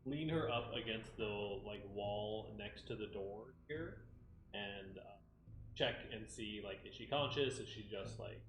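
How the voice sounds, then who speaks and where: Hesitant, slow-talking man player. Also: lowish voice, a bit bright, a little hiss or hum. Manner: hesitant, halting. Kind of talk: casual play at the table. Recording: echoey room with faint music.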